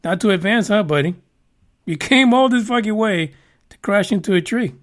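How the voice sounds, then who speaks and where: Profane, high-voiced podcast host. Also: male voice, lively intonation, moderate pace. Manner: profane, rambling, wisecracking asides. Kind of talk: casual podcast news commentary.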